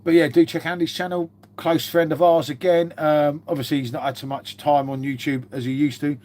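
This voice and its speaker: A man's voice: a little high, little pitch movement, fairly quick, a little mellow. A British man hosting a casual live stream, chatting and swearing freely, calling everyone "mate" as he reads out viewer comments. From Britain. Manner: chatty and matey, swears a lot, says "mate" constantly.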